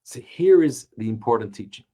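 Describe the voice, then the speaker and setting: A man, a rabbi, teaching a Torah class, telling stories with animated rhetorical questions. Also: medium pitch, a little fast.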